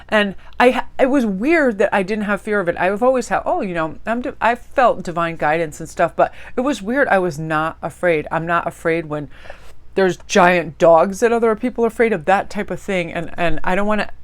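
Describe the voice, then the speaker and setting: A woman's voice: mid-range voice, moderate pace. A woman tarot reader chatting casually as she shows a tarot deck, gushing and rambling.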